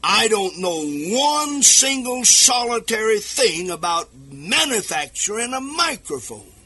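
Male radio preacher, high-pitched and husky, fervent delivery swinging into shouts and sing-song. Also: sing-song, unhurried. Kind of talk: sermon. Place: radio broadcast. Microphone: speaking into a microphone.

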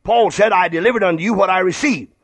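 A man's voice: high-pitched, fast talker, no room sound. An older man preaching a radio sermon, emphatic and repeating phrases for stress.

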